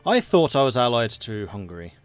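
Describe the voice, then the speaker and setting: A man's voice: mid-range voice, very animated, brisk, faint music behind. A man casually commenting on a strategy game during a live stream, chatty and thinking aloud with frequent fillers.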